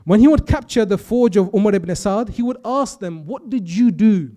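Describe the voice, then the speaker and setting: High, mellow-voiced man giving an impassioned sermon. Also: animated, normal speed. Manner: storytelling with quoted dialogue, rising to impassioned intensity. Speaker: speaker at a youth majlis. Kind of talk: emotional religious sermon narration.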